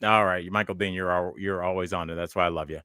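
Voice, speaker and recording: A man's voice: sits low, fairly even intonation, fast talker, heavy background noise. A man in his forties, a podcast host and stand-up comedian, chatting casually and telling rambling, digressive stories.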